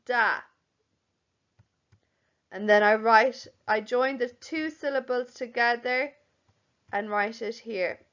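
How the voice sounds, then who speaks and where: A young woman teacher giving a recorded lesson to young children, speaking slowly and clearly and sounding out words. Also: on the high side, fairly bright tone. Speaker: primary school teacher. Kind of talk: recorded home-learning lesson. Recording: slightly dull, lo-fi audio.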